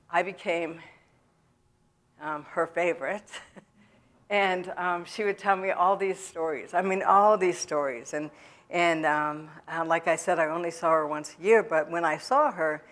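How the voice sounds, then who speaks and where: A woman speaking in a church, telling her own story to the audience in a halting way, with many pauses and fillers. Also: lowish voice. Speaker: guest speaker at a recovery event. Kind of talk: personal testimony to a church audience. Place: church sanctuary.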